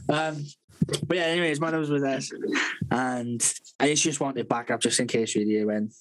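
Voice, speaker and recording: A man's voice: mid-range voice, steady tone, normal speed, rough recording. A man, a podcast co-host, telling a long rambling story full of swearing and laughter in a casual chat.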